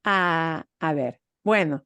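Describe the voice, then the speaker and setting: A woman teaching a Spanish class, explaining grammar with lively emphasis and repeating example phrases. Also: sits low, takes it slowly, clear, resonant tone, dry recording, studio quality. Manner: animated, emphatic, switches between English and Spanish examples. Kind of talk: online class instruction.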